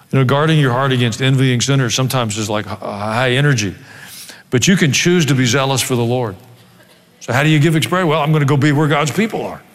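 A man preaching a sermon as pastor, reading scripture and adding dry joking asides in an animated way. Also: mid-range voice. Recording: long hall reverb.

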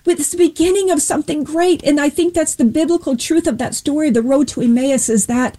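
A woman's voice: on the high side, mellow. A woman sharing an earnest faith testimony, retelling a Bible story vividly as a guest.

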